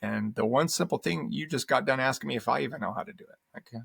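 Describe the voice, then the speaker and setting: A man's voice: medium pitch, fast, gravelly, breathy edge, no echo, studio quality. A man co-hosting a casual podcast chat, telling stories animatedly and acting out both sides of conversations. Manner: animated storyteller acting out dialogue. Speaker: podcast co-host.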